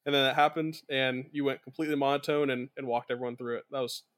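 A young man with a middle-pitched, ordinary voice, chatting casually as a podcast co-host. He is easygoing and agreeable and tells flight stories in a relaxed way. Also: fast talker.

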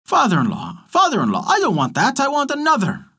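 Casting: man voicing a bossy storybook frog, high husky croaking demands. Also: huge pitch swings, fairly quick, pushed and bright, heavily acted. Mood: demanding. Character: demanding greedy male frog in a well. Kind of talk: storybook character voice.

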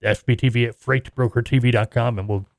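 A man's voice: medium pitch, fairly even intonation, fairly quick, creaky, no room sound, clean studio sound. A middle-aged American man hosting a casual podcast, chatty and jokey, rambling along with laughs. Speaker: podcast host.

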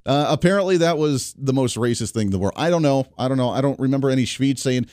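A man hosting a talk radio show, animated and sarcastic in delivery. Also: medium pitch, quick pace, few pauses, dry recording, faint music behind.

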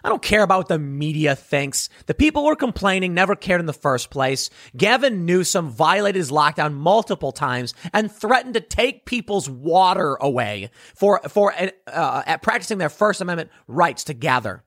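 Guy doing a solo political rant, scornful and sarcastic, kinda high voice, swings up and down a lot. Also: big pitch swings, normal speed, hardly any pauses, a bit bright, no echo, studio quality. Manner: blunt, scornful, sarcastic ranting. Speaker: political commentator. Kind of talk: solo commentary segment.

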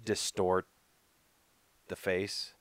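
A man's voice: low-pitched, level tone, extremely slow, dry recording. A man co-hosting a podcast in casual chat, laid-back and loose, full of filler words. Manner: laid-back, lots of "like" and "dude". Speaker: podcast co-host.

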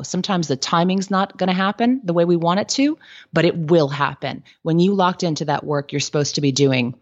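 A woman with a lower-pitched voice talks through business advice in an interview, candid and full of quick stories. Her speech is loose, peppered with "like" and "um." The recording sounds dull and lo-fi, as if captured over a remote call. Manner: candid, lively storytelling with frequent "like" and "um". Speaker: guest.

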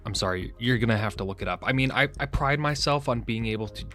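A man's voice: mid-range voice, fast talker, bright, forceful tone, soft background music. A man hosting an educational podcast, talking in an enthusiastic, chatty way and often stopping to correct himself. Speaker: podcast host. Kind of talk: casual educational narration.

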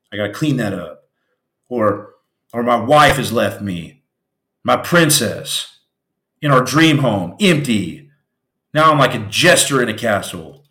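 A man's voice: medium pitch, a bit bright, roomy sound. A man hosting a podcast, telling stories in an impassioned, preachy motivational style that turns raw and emotional. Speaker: podcast host, former Navy SEAL.

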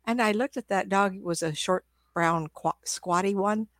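An older woman telling stories as a psychic medium guest on a video call, animated and chatty, often laughing and restarting her sentences. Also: mid-range voice, normal speed, dry recording, clean studio sound. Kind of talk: casual interview storytelling.

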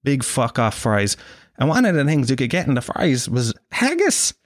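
A man's voice: medium pitch, big pitch swings, moderate pace, dry recording, studio quality. An Irish man hosting a show, delivering a sarcastic, sweary, self-mocking comic monologue. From Ireland. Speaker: podcast host.

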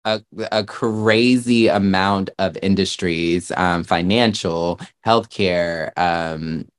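A man with a very deep voice talks slowly through a casual podcast chat. He stretches his words out with campy sass. He is from Virginia. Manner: slow, sassy and campy, with drawn-out delivery. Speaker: podcast co-host.

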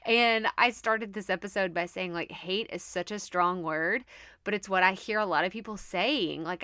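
A podcast host with a Texan accent gives a casual monologue in an animated, mid-range female voice that sounds pushed and bright, at a moderate pace. The dry, studio-quality recording catches her chatty, upbeat manner, frequent laughter, and heavy use of "like."

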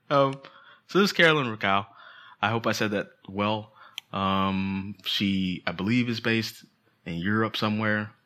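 A man's voice: on the low side, a little slow, long pauses, sharp tone. A man co-hosting a podcast, chatting casually in a playful, jokey way. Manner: playful, jokey, trails off into asides. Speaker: podcast co-host. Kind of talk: joking casual chat.

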